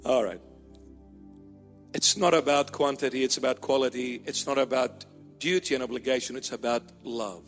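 A man's voice: mid-range voice, moderate pace, pauses often. A middle-aged man, a bishop, giving a playful sermon, teasing his listeners and acting out little dialogues. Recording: long hall reverb with faint music.

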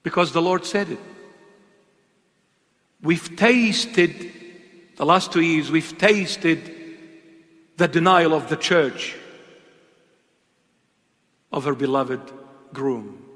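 A man preaching an impassioned sermon, swinging between loud emphatic calls and hushed, intimate asides. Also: fairly high pitch, drawn-out words, long pauses, big-room sound.

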